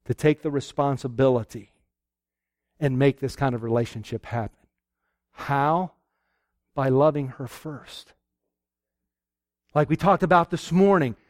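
A man from Pennsylvania preaching a folksy, animated sermon and asking his listeners questions. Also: high voice, dry recording, studio quality.

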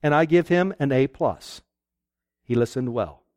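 A man from Pennsylvania preaching a folksy, animated sermon and asking his listeners questions. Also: mid-range voice, a little slow, no room sound, clean studio sound.

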